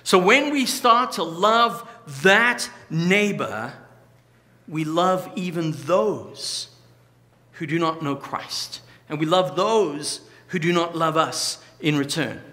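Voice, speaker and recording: Male pastor, sermon, high bright voice, emphatic, slows for stress, church hall with long reverb. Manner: emphatic, varied delivery with slow stressed phrases.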